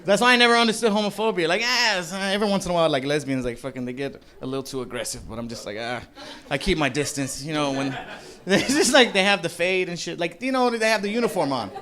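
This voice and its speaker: High bright-voiced man doing stand-up. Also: expressive, quick pace. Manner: loose, profane, rambling with frequent "like" fillers; shouts mock voices of angry people. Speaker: stand-up comedian. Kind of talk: live stand-up comedy set. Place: comedy club stage. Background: audience laughter.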